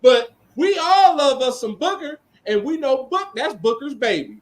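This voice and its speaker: A man with a strikingly high voice talks wrestling on a podcast, his pitch jumping widely as he makes his points. He is emphatic and teasing, with casual swearing. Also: very animated, normal speed. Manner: emphatic, mocking, profane. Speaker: podcast co-host.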